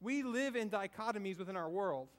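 A high, animated and brisk male voice belongs to a Southern American preacher. He keeps the sermon conversational, putting questions to the congregation and echoing key phrases.

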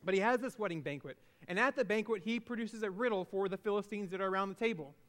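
High-voiced man retelling a Bible story. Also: fast. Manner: casual, animated retelling with restarts. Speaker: preacher. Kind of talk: sermon storytelling.

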